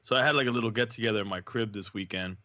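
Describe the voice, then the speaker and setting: A man co-hosting a podcast chats and tells stories casually, animatedly acting out quotes with big jumps in pitch. He talks rapid-fire, and the recording sounds slightly dull and dry, with no echo.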